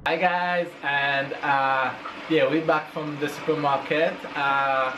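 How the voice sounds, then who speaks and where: A young French man with a French accent, chatting halting and teasing in a casual family vlog, full of fillers and restarts. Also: fairly high pitch, steady tone, noisy background. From France. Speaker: vlog co-host, husband.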